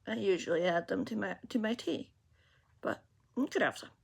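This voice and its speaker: A woman voicing a soft-spoken, gentle man in black who coaxes a lost boy, reading a storybook aloud. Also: mid-range voice, moderate pace, creaky, slightly rough. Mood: kindly. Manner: calm, coaxing, quietly spoken.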